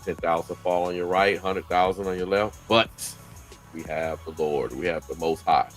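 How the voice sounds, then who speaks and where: A man's voice: deep voice, fairly even intonation, normal speed, faint music behind. A man hosting a casual chat, speaking earnestly about scripture and faith. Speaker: host of a faith-based talk channel.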